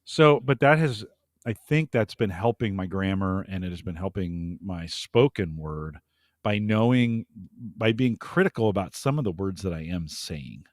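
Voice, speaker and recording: Man, lowish voice, dry sound, podcast host, reflective, self-questioning. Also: expressive, normal speed, dry recording. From United States. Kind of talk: casual chat.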